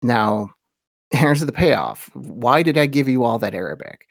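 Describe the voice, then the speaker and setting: A man's voice: medium pitch, big pitch swings, dry recording. Thoughtful man lecturing in a dry studio. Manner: thoughtful, slows down to read quotations with weight. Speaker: podcast host teaching religious history. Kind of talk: informal lecture with read-aloud quotations.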